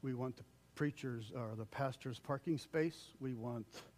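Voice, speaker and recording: An older man preaching a conversational sermon as pastor, acting out quoted voices and swinging between loud calls and hushed lines. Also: medium pitch, a little slow.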